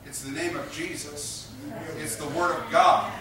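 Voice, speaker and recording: A man's voice: fairly high pitch, steady tone, measured pace, crowd noise. A man preaching a sermon, emphatic and repetitive, drawing responses from his congregation. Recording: echoey room picked up from a distance.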